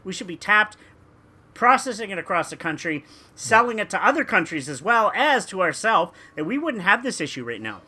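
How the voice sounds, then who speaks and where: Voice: medium pitch, very animated, brisk, bright, forceful tone, slightly rough. A talker, ranting emphatically in casual podcast chat with stumbling restarts. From Canada.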